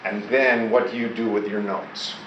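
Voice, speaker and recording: Speaking at a normal pace in a steady, lowish voice, a man leads a classroom lesson and gets his students to repeat words and respond to questions. The lo-fi recording comes from a distance in an echoey classroom, with heavy background noise.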